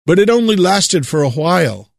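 American guy preaching, kinda high voice, drags out words for emphasis, dry close sound. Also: very animated, creaky, no room sound. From United States. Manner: emphatic, drawn-out stresses, repeats words for effect. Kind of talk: preaching monologue.

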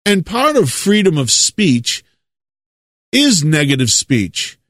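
A man delivers a sermon in a sarcastic, lecturing tone and often chuckles at his own remarks. His voice sits a little high for a man. The sound is close and dry, with no room echo. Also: sing-song, slow, fairly bright tone. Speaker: preacher.

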